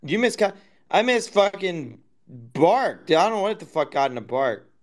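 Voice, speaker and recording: A man's voice: high-pitched, big pitch swings, normal speed. A man chatting casually, swearing often and mocking his friends. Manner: profane, mocking. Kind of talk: casual chat.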